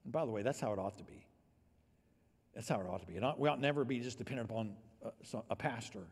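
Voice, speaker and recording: A male pastor delivers a sermon in a husky, slightly breathy voice of middling pitch. His delivery moves between hushed, intimate near-whispers and loud, emphatic declarations. The sound carries the long reverb of a church hall. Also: fast.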